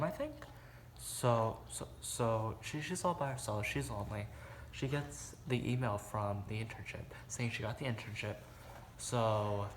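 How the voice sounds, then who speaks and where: A man's voice: mid-range voice, a little hiss or hum. A man vlogging at home, recapping a movie in a rambling, casual way, filling his talk with "like". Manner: rambling, heavy use of "like", acts out quotes. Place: room at home.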